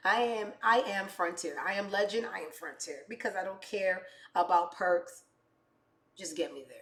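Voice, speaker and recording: Bright-voiced woman ranting in an echoey room. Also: mid-range voice. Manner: heated, swearing, blunt. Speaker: show host. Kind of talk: profane comedic rant commentary.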